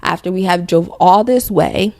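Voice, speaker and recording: A woman's voice: fairly low pitch, moderate pace, darkish tone, dry recording, studio quality. A young woman from Connecticut hosting a podcast, telling a personal faith testimony in a rambling, self-correcting way. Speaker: podcast host.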